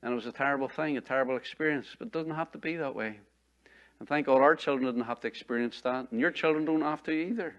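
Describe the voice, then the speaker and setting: A man's voice: mid-range voice, quick pace, a bit bright, highs cut off. A middle-aged man, preaching a sermon as pastor in a conversational way, repeating phrases and asking the congregation rhetorical questions.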